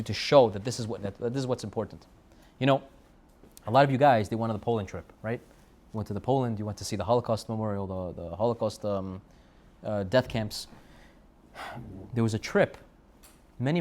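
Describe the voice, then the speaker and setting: A man's voice: on the low side, a little fast, pauses often, a little mellow. Man preaching a storytelling sermon. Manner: storytelling with repeated phrases and Hebrew terms. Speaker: rabbi giving a Torah talk. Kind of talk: sermon to students.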